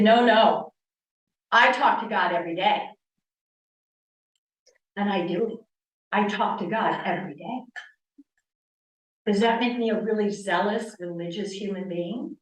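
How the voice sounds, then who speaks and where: A woman in her sixties, from the northern United States, speaking as a guest speaker on yoga and telling personal stories in an animated way, acting out the dialogue she quotes. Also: fairly high pitch. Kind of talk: personal storytelling talk. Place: church hall. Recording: echoey room, distant mic.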